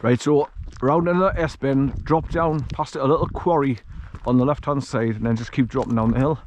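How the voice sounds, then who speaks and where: A man's voice: medium pitch, fairly even intonation, normal speed, a little mellow, a little hiss or hum. Chatty man walking a hill track. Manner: chatty and rambling, with frequent chuckles. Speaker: vlogger walking his dog. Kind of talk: casual walk-and-talk narration. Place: outdoors on a hill track in the countryside. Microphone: action camera carried while walking.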